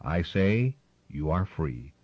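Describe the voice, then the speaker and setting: A man's voice: low voice, big pitch swings, slow, darkish tone, no echo, exaggerated voice. A man voicing a wise male gull teacher who speaks in a firm, earnest, encouraging way, on a slightly muffled recording.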